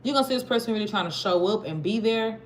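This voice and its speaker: A woman's voice: mid-range voice, animated, fast. Chatty Southern woman tarot reader. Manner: chatty, slangy, talks straight to viewers. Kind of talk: casual tarot reading for viewers. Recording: noisy with clicks.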